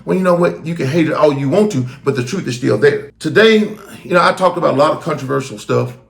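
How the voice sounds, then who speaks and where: The host of a street talk channel, a middle-aged man, offers fiery, preachy commentary on his own channel. He talks fast and animatedly in a fairly high voice with vocal fry, and the recording has a roomy echo.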